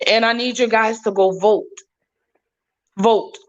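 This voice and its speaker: A woman's voice: a little high, steady tone, slow. Heartfelt woman guest, dull lo-fi audio. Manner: heartfelt, emphatic, repeats phrases. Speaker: podcast guest. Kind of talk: casual podcast talk.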